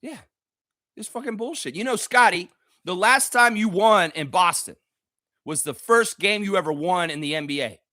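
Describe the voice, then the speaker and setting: A man's voice: sits high, moderate pace, sharp tone, no echo, studio quality. A man hosting a live basketball reaction show, ranting heatedly and profanely at the players. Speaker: sports reaction host.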